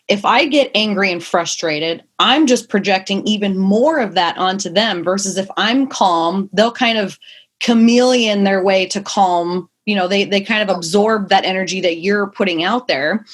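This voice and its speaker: A young woman, a mother of two, talking casually and at length as a podcast guest, rambling and emphatic. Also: mid-range voice. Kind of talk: casual interview chat.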